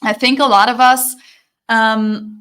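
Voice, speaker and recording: A woman's voice: on the high side, fairly even intonation, slow pace, a bit bright, clear, resonant tone. A German woman with a German accent, a guest on a podcast, explaining thoughtfully in casual conversation.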